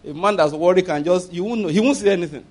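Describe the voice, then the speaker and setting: A man's voice: high-pitched, fast, darkish tone. A middle-aged man with a Nigerian accent preaching a sermon in a conversational, emphatic way, often repeating himself. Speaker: pastor.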